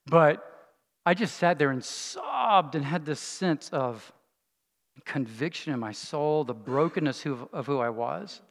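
A middle-aged man, a pastor, telling a personal story in a sermon, earnest and falling to a hush at tender moments. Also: fairly high pitch. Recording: long reverb of a large hall.

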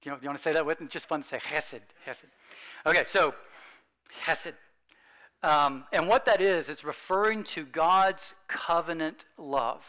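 A man preaching a sermon, earnest and emphatic, slowing down to read scripture and dropping soft on key points. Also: fairly high pitch, low-quality recording.

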